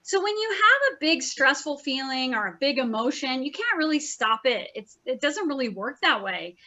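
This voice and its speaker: A woman's voice: high-pitched, big pitch swings, moderate pace, sharp tone. A woman therapist giving an informal workshop lecture, chatty and earnest, often repeating phrases. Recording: slightly dull, muffled recording.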